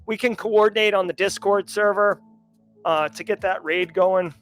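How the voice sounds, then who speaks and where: A man with a Massachusetts accent hosting a casual livestream chat, joking and animated as he talks to his viewers. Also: high-pitched, normal speed, soft background music. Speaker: livestream host.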